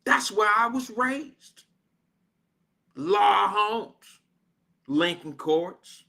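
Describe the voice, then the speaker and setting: An American man with a high, bright and forceful voice hosts a radio show from the studio. He tells a story in an animated, slangy, casual way. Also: drawn-out words, gravelly. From Cincinnati, Ohio, USA. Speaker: radio host.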